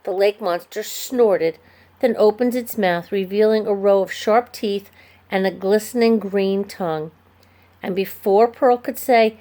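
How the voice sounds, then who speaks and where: Woman narrator for a children's chapter book, expressive, mid-pitched voice. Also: unhurried. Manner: storybook reading, expressive. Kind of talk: scripted narration.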